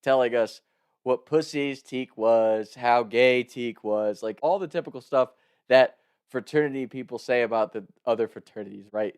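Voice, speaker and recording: A young man casually telling a wild story, animated, laughing and shouting out the lines he quotes. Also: medium pitch, moderate pace, clear, resonant tone.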